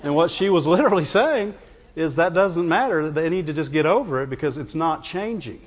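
Lively, high-voiced preacher in a reverberant hall. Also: male voice, fairly quick. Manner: conversational, asks congregation "Amen?" and "Right?" often. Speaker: pastor. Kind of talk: sermon. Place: church sanctuary. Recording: dull reverberant church recording.

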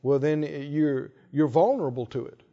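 Guy preaching, high voice for a man, stretches words out, big echoey hall. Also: moderate pace, warm tone, lo-fi sound. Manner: emphatic, drawing out key words and prompting the crowd. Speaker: pastor. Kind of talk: sermon with call-and-response.

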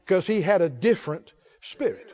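High-voiced preacher, lively, lo-fi. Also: male voice, moderate pace. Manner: call-and-response questioning, folksy. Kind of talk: sermon.

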